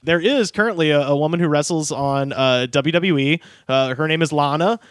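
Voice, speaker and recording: A man's voice: fairly high pitch, moderate pace, smooth, no room sound. A man co-hosting a podcast, chatting casually with profane, wry asides and frequent laughs. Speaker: podcast co-host.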